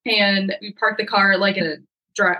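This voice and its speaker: A young woman, a podcast guest, telling a story in a lively, casual way and acting out the lines of the people in it. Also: medium pitch, moderate pace, dull audio. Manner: lively, acts out quoted dialogue.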